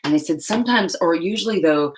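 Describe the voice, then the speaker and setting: A woman hosting a casual livestream while painting, chatting loosely and joking at herself in quick asides. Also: on the low side, slight background noise. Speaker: livestream host. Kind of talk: casual live-stream chat while painting.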